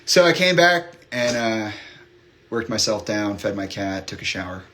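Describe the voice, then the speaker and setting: Male livestream host, somewhat low-pitched, candid and rambling, loose filler-heavy delivery. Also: sing-song, moderate pace, bright, forceful tone, a little hiss or hum. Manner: rambling, open, many fillers and restarts. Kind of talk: candid chat with live viewers.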